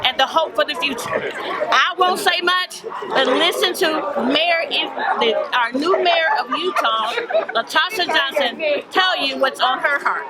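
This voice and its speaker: Chirpy lady host on location, high voice, crowd roaring around her. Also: measured pace, heavy background noise. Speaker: talk show host. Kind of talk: upbeat on-location introduction. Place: outdoors at a crowded event. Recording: loud crowd behind.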